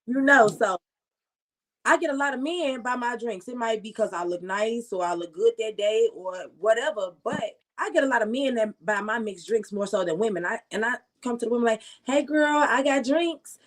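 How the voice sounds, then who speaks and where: Chatty woman with a high voice. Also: fairly quick. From Chicago area. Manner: chatty, animated storytelling with slang. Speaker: guest. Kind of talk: casual chat.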